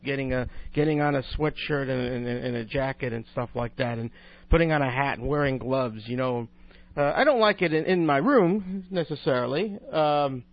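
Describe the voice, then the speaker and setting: A man hosts a talk radio show, rambling casually through a monologue and circling back on his words. His voice sits a bit high for a man. The sound is dry and a little dull, with no room around it. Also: dry recording. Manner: rambling, with many restarts and asides; opinionated.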